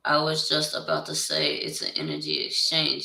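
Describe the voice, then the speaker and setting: A gravelly, creaky voice with a sharp, tense edge, ranting bluntly and profanely as a tarot reader. The speaker sits back from the mic in an echoey room, so the voice comes across roomy and slightly distant. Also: medium pitch, sing-song, moderate pace. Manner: heated, insistent. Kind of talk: casual direct-to-camera rant.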